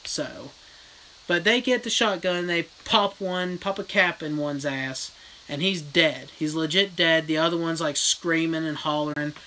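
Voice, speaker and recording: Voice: medium pitch, measured pace, a little hiss or hum, low-quality recording. A horror vlogger in a casual livestream rant, retelling a film bluntly with lots of swearing. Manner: blunt, profane, animated storytelling. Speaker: horror vlogger reading live chat.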